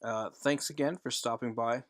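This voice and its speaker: Guy rambling through his comic script, middle pitch, lots of uh and restarts, dry close mic. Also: fairly even intonation, normal speed, no room sound. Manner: rambling, self-correcting, with frequent uh fillers. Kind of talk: casual tutorial voice-over.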